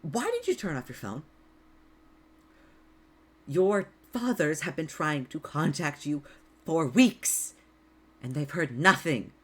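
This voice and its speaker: A woman's voice: low voice, sing-song, slow, pauses often, breathy edge, voice pushed down, heavily acted. A woman voicing an agitated, stern man who speaks curtly, in a tabletop game. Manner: curt, stern.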